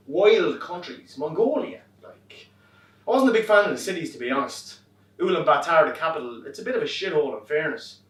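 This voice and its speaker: A young Irish man performing a wry comic monologue on a theatre stage, swearing and animated as he tells a story. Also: a little high, lightly acted. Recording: roomy stage from far off.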